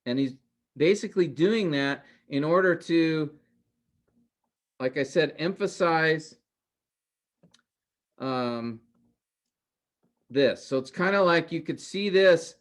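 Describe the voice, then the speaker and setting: A man teaches a recorded Bible class, walking through ideas step by step and repeating points with rhetorical questions while addressing listeners as "guys" and "men." He speaks slowly in a fairly high pitch, pausing often.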